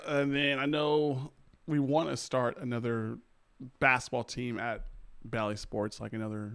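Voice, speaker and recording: A man being interviewed on a casual podcast, relaxed and quick to laugh, with lots of filler words. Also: medium pitch, gravelly, clean tone, dry recording. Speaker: podcast guest.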